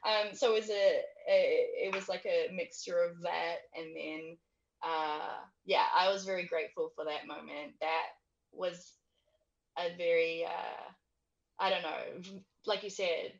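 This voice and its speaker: A woman's voice: on the low side, fairly even intonation, unhurried, dull audio. Giggly woman guest on a video call. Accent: non-native English accent. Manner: giggly, trailing off with fillers. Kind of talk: casual interview chat. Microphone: headphones on a video call.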